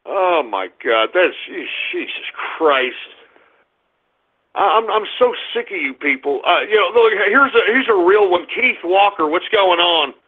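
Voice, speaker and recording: A man hosting a radio show, ranting in exasperation at his chat room, swinging between groans and shouts. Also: high-pitched, animated, a little slow, husky. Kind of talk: exasperated live call-in banter. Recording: tinny phone-line sound.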